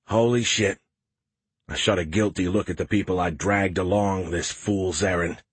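Male audiobook narrator, low husky voice, dry close mic, wry deadpan read. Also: moderate pace, no echo. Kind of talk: scripted narration.

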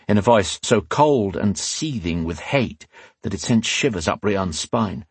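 A man narrating a fantasy novel in measured, dramatic storytelling. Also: fairly low pitch, expressive, husky, no room sound. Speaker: audiobook narrator.

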